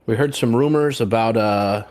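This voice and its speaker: A man's voice: medium pitch, normal speed, darkish tone. A man playing his character in a tabletop game, stammering and rambling with many restarts. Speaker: player. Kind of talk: in-character tabletop role-play.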